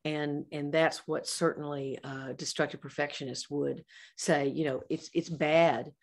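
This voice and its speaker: A woman's voice: deep voice, fairly even intonation, a little slow. A woman psychologist giving a conversational talk to colleagues, acting out quoted dialogue with restarts and asides. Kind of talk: presentation to colleagues. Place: lecture or webinar setting.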